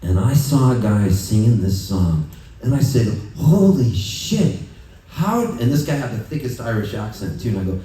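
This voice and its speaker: A man's voice: lowish voice, a little fast, dark tone. Casting: a loose, joking male performer chatting between songs, recorded from a distance in a roomy music hall. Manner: loose, joking storyteller, laughs often. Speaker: singer-songwriter performing live. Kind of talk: rambling stage banter and fast patter singing. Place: music hall at a festival, live audience.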